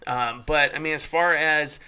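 A man co-hosting a casual sports podcast, chatty and quick to laugh at himself. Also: fairly high pitch, steady tone, sharp tone, smooth. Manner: chatty, laughing, self-deprecating. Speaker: podcast co-host.

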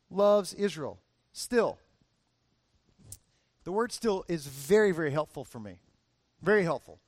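A man's voice: sits high, no room sound, studio quality. A man in his forties preaching a casual, conversational sermon that rises into emphatic bursts. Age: 40s. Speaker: pastor.

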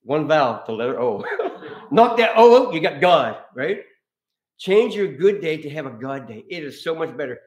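Animated preacher man in an echoey room. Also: a little high, moderate pace. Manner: animated, laughs often, storytelling. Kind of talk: informal sermon.

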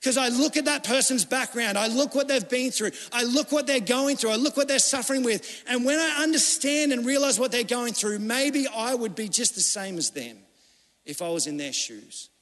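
High-voiced pastor in an echoing hall. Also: male voice, normal speed, a bit bright. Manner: conversational storytelling preaching, acting out quoted voices. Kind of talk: sermon. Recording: long hall reverb.

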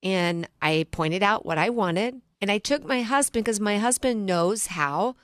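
A woman's voice: mid-range voice, expressive, unhurried, dry recording, clean studio sound. A middle-aged woman, a financial planner hosting a radio talk show, telling stories earnestly and restarting her sentences.

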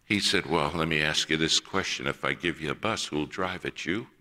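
Deep-voiced man preaching a story. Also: normal speed, sharp tone. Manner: acts out quoted voices in a personal story. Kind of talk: sermon storytelling.

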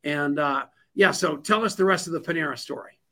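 A man's voice: on the high side, fairly quick, a bit bright. A man hosting a radio talk show, gushing and joking with his guest.

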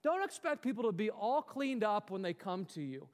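High-voiced pastor preaching in a hall. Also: male voice, big pitch swings, normal speed, darkish tone. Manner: earnest, exhorting, with rhetorical questions. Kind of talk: sermon.

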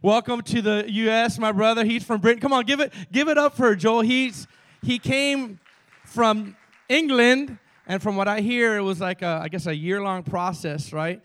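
A man with a Cuban accent, a pastor preaching a sermon to his congregation with energetic call-and-response. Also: high-pitched, normal speed. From Cuba. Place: church sanctuary.

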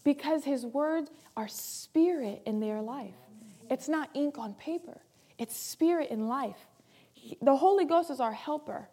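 A woman pastor preaching a sermon with emphasis, repeating key phrases and moving between loud and soft delivery. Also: on the high side.

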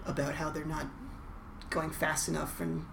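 A woman's voice: sits low, level tone, moderate pace, vocal fry, a bit bright, reverberant, far from the mic, a little hiss or hum. A woman co-hosting a podcast, chatting casually with wry, dry interjections. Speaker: podcast co-host. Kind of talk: casual chat.

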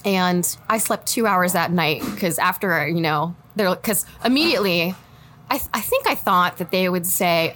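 A woman in her forties with a Midwestern American accent, a candidate telling her story in a casual interview, animated and quick to laugh. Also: lowish voice, slight background noise. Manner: animated, laughs often, acts out quoted friends. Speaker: political candidate guest.

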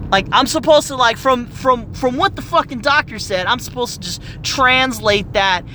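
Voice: mid-range voice, measured pace, sharp tone, slight background noise. A young adult medical office worker ranting in a heated, profane, exasperated monologue.

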